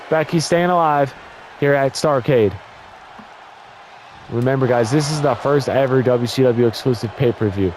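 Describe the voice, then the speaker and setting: Excitable young man doing game play-by-play. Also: mid-range voice, background noise. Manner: excitable, blurts exclamations, stumbles and corrects himself. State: voice getting worn from talking. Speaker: gaming YouTuber commentating a wrestling game. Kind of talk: casual play-by-play commentary.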